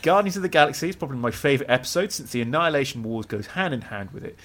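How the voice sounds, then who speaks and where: A man's voice: mid-range voice, lively intonation, fairly bright tone. A man co-hosting a podcast, chatting enthusiastically about films. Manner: enthusiastic, quick to laugh. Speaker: podcast co-host. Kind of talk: casual podcast chat.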